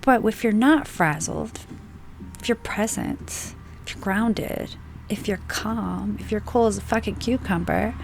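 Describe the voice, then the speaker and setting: Slow, gravelly-voiced woman preaching. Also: medium pitch, noisy background. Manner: emphatic, swears for stress, slow deliberate phrasing. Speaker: spiritual channel host. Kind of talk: unscripted spiritual monologue.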